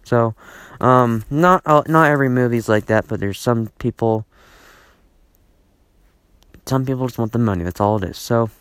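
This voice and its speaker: A man's voice: medium pitch, moderate pace, long pauses, fairly bright tone, clear, resonant tone, no echo. A man hosting a solo podcast from home, rambling and exasperated, repeating himself with lots of fillers and restarts. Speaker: podcast host.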